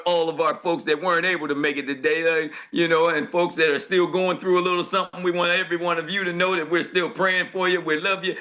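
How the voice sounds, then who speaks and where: A man's voice: on the high side, bright, forceful tone, lo-fi sound. A man hosting a motivational morning call, speaking in a rhythmic, preacher-like cadence full of repeated thanks.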